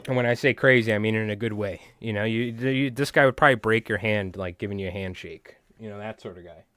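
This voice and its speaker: A man, chatting in a rambling, animated way to his viewers while tying flies on a live stream. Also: on the low side, fast talker, dry recording. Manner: rambling, animated, talks to chat.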